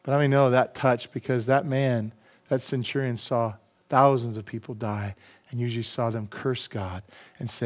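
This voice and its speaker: An impassioned middle-aged pastor preaches a sermon in a medium-pitched, steady voice at normal speed, putting rhetorical questions to the congregation.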